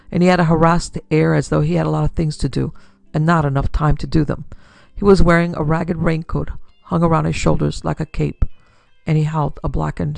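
A woman's voice: low-pitched, creaky, a little mellow, no room sound. A woman narrating a classic pulp detective story as podcast host and producer. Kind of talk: scripted narration of pulp fiction.

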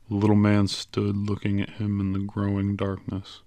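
A man narrating an audiobook in a steady, measured storytelling manner. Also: lowish voice, dry recording. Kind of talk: scripted narration.

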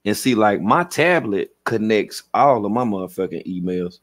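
A man's voice: on the low side, normal speed. A man hosting a livestream, ranting profanely and acting out quotes as he tells his stories. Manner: profane, animated storytelling with acted-out quotes. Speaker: livestream host. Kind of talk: casual livestream rant.

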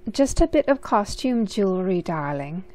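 A woman's voice: mid-range voice, very animated, moderate pace, a little mellow, lightly acted. A woman voicing a glamorous, secretive elderly great-aunt in a storybook reading, with a breezy manner that keeps calling people darling. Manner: breezy, says darling often.

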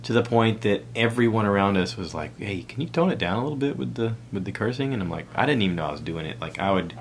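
Deep-voiced Southern American man rambling casually. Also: slight background noise. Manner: rambling, conversational, self-deprecating asides. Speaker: podcast host. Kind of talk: casual solo podcast talk.

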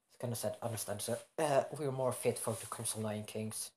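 A young man makes up a fan story aloud, stopping to correct himself and filling gaps with hesitations. His voice sits at a middle pitch, unremarkable and conversational. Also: fairly even intonation, brisk, darkish tone. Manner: rambling, self-correcting, many fillers. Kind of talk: improvised fan-fiction narration.

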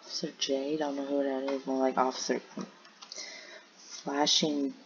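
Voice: medium pitch, level tone, unhurried, fairly bright tone. A gameplay commentator rambling and muttering to themself while browsing game servers. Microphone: home headset or desk mic. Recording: dull lo-fi mic with faint hiss.

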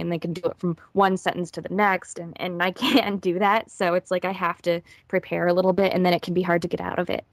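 A woman's voice: fairly low pitch, no room sound. Chatty woman voice actress, dry sound. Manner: chatty, quick, laughs often. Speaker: voice actress, interview guest. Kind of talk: casual interview chat.

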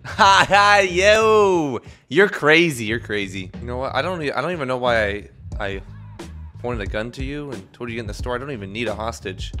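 A young man playing a robber in a role-play game, giving excitable, joking commentary to himself while he drives. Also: mid-range voice, quick pace, faint music behind. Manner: excitable, jokey, talks to himself while driving.

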